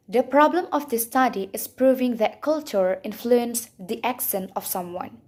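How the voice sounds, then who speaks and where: A woman's voice: medium pitch, darkish tone. A young woman, a student whose first language is Indonesian, reading her class presentation aloud from a script in a careful way.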